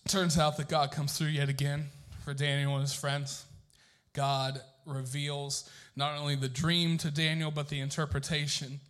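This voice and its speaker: A man's voice: on the high side, flat delivery, normal speed, a bit bright. A young man telling a Bible story to a group in a casual, joking sermon style, asking the room questions.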